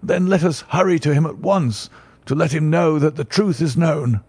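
A man's voice: a little high, normal speed, breathy edge, dry recording. A man voicing a distraught, emotional banker who pleads and exclaims. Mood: eager. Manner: pleading, excitable, rising. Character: distraught middle-aged male banker, emotional.

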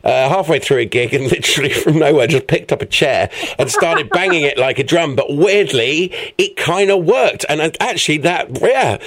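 A man's voice: on the high side, lively intonation, moderate pace, few pauses, a bit bright, no echo. A man hosting a radio show, chatty and playful as he interviews a guest.

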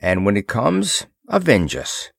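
A man's voice: lowish voice, huge pitch swings, measured pace, creaky, dry recording, clean studio sound, exaggerated voice. A man voicing an easygoing, joking adventurer sidekick. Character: wry adult male sidekick adventurer.

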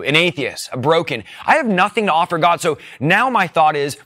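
Bright-voiced young man giving a tearful testimony. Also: a little high, animated, brisk, few pauses. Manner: emotional, earnest storytelling. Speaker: testimony speaker. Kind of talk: personal testimony.

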